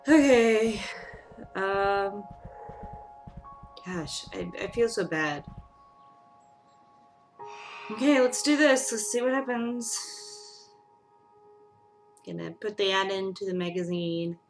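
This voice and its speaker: A woman gamer talks through a story game at an unhurried pace. Her pitch sits in the ordinary middle range. She reacts with emotional exclamations and reads the game's text aloud between her comments. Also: expressive, soft background music. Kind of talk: let's play commentary.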